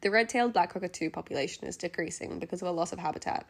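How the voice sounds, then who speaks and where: Gravelly woman narrating softly. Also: on the low side, very fast. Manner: gentle, earnest diary-like narration. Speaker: travel vlogger narrator. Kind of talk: scripted voice-over narration.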